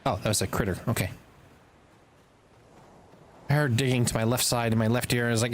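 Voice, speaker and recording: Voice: medium pitch, fairly even intonation, brisk, pauses often, a little hiss or hum. A live streamer talking through a game in casual commentary, rambling to themselves and breaking into sudden exasperated outbursts. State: throat slightly tickled.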